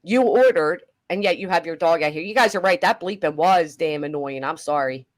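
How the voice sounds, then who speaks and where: A middle-aged woman hosting a casual reaction chat, chatty and animated, swearing casually. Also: lowish voice, brisk. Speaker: commentary host.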